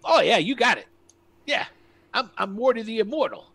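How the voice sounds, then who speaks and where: A man's voice: extremely high pitch, expressive, normal speed, gravelly, bright, forceful tone, husky, no echo, pitched above the performer's own voice, heavily acted. A man voicing a nervous, stammering small immortal man who keeps talking defensively.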